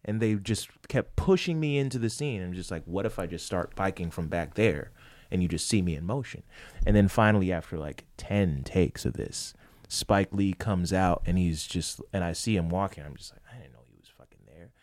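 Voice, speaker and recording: A man with a fairly low voice tells a story in a relaxed chat among friends. He slips into the voices of the people he quotes. The sound is dry and close. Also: normal speed, dry recording. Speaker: podcast co-host. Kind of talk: casual chat.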